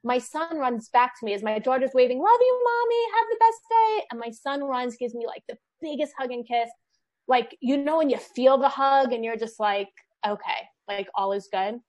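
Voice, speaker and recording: A woman in her thirties tells a story about family life in a loose, animated way. Her voice sits a bit high. She leans on "like" and "you know" as she goes. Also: moderate pace. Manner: animated storyteller, lots of "like" fillers. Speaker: guest, children's book author. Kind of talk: casual podcast chat.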